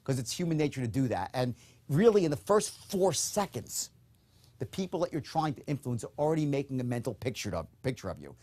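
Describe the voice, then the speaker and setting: A man lectures on sales technique in a recorded course. His delivery is emphatic and direct, with a mid-range voice. He often pauses to check in with a quick "okay?" before pushing on. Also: mid-range voice, big pitch swings, dark tone. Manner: acts out upbeat and dull tones in demonstrations. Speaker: sales trainer.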